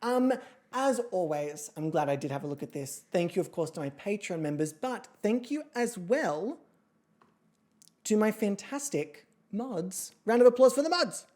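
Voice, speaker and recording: Woman host, casual livestream chat, low mellow voice, very lively pitch, jokey and chatty. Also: unhurried. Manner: chatty, jokey, swings into squealing high voices. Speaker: streamer hosting an online model competition. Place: home streaming setup with a pet nearby.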